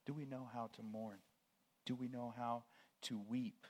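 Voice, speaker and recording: Slow, deliberate male preacher. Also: medium pitch, steady tone. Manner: slow and deliberate, swinging from hushed near-whispers to loud proclamations; lists word meanings in short, measured phrases. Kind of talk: sermon.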